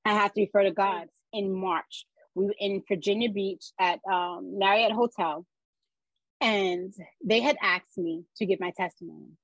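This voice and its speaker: Woman podcast guest, storyteller who acts out quotes, husky voice, dull lo-fi sound. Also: mid-range voice, fairly even intonation, moderate pace, no echo. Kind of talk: personal storytelling.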